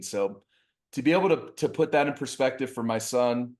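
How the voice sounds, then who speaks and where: A man's voice: medium pitch, normal speed. A man co-hosting a baseball podcast, a youth coach telling a story in casual chat and acting out the dialogue. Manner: animated storyteller, acts out dialogue.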